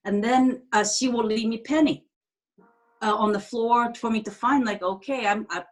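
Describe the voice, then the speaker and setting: A woman telling a personal story in a casual group chat, halting and often restarting her sentences, with non-standard grammar. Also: a little high. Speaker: group participant sharing a story.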